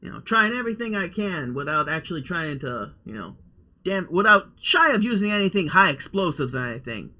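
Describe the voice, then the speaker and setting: A man voicing a rough, folksy male scavenger character in a tabletop game, with a rambling put-on drawl. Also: sits high, sing-song, fairly quick, bright, forceful tone, full character voice. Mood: frustrated. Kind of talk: tabletop role-play voice.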